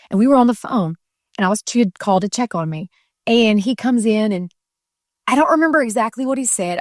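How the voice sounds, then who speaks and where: A woman's voice: mid-range voice, no room sound, clean studio sound. Middle-aged woman telling a heartfelt testimony. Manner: earnest, tumbling storytelling with restarts and fillers. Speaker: podcast guest. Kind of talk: personal faith testimony, casual storytelling.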